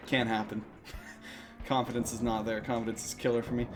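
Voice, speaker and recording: A man's voice: mid-range voice, level tone, normal speed, over music. Rambling, swearing young male streamer. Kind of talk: casual chat while playing.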